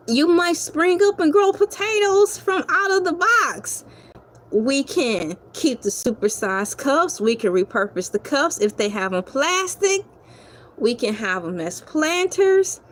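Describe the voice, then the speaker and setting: A woman, hosting a casual comic rant and joking, laughing and animated as she talks to viewers. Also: sits high. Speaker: host.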